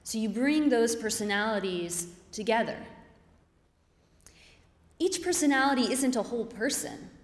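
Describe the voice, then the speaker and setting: A woman giving an earnest, reflective personal story on stage before a live audience. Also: on the high side. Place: stage in a hall. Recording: reverberant hall.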